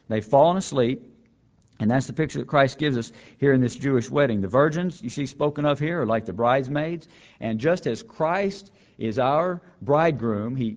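A man's voice: medium pitch, darkish tone. Earnest man teaching scripture. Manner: earnest, emphatic, repeats key phrases, slows down for scripture quotes. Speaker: Bible teacher. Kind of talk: sermon-style Bible lesson. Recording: slightly dull lo-fi recording.

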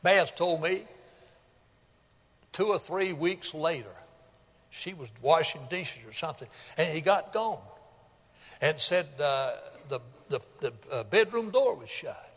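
A pastor with a notably high voice preaches a sermon. He tells homespun stories and climbs into shouting at the peaks. His voice rings out through the long reverb of a large sanctuary. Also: expressive, a little slow, long pauses. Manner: folksy storytelling, builds to shouting at high points.

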